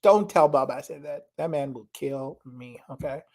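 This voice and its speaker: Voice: mid-range voice, normal speed, dark tone. Vlogger from Zimbabwe, casual and rambling, fillers throughout. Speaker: reaction vlogger. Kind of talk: casual chat.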